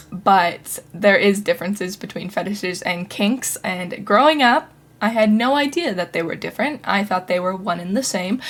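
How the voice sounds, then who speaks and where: A woman's voice: mid-range voice, fairly bright tone. A young woman hosting her own podcast, talking casually in a rambling, chatty way with lots of fillers and restarts. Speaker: podcast host. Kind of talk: casual solo podcast talk.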